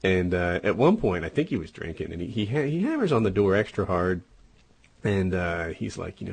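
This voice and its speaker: Podcast co-host, male, low-pitched and a little rough, casual storyteller with lots of fillers. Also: very animated, a little fast. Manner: rambling, many "and, uh" fillers.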